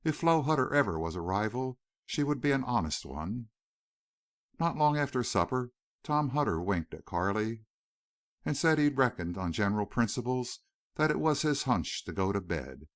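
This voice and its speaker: A man with a medium-pitched, sing-song voice reads a novel aloud at normal speed for an audiobook. His scripted narration is expressive, and the sound is dry and clean, like a studio.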